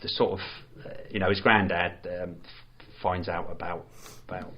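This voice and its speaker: A man's voice: low-pitched, fairly even intonation, moderate pace, a little hiss or hum. Rambling man on a lo-fi podcast. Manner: rambling, full of restarts and "you know". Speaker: podcast co-host. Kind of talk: casual chat reviewing a film. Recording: dull lo-fi podcast audio.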